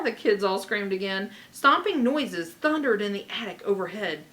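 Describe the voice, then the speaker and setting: A woman reading a children's chapter book aloud with expressive delivery and chatty asides. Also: medium pitch, moderate pace, hardly any pauses, rough recording. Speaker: reader.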